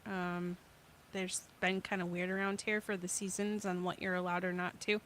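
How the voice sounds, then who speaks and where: A woman's voice: on the low side, flat delivery, normal speed, fairly bright tone, a little hiss or hum. A woman co-hosting a casual home podcast, telling rambling, chatty stories. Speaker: podcast co-host.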